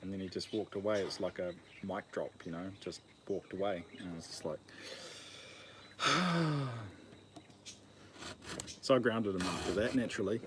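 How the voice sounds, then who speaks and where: A New Zealand channel host with a deep voice sharpens a chainsaw outdoors, joking and poking fun at himself at a measured pace with long pauses. He's easily distracted, and the noisy recording carries filing sounds and birdsong.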